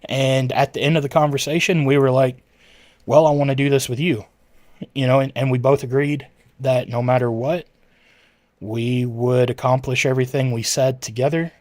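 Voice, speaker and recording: A man's voice: mid-range voice, fairly even intonation, normal speed, darkish tone, no room sound. A man chatting casually with his livestream viewers, rambling and correcting himself as he answers chat messages.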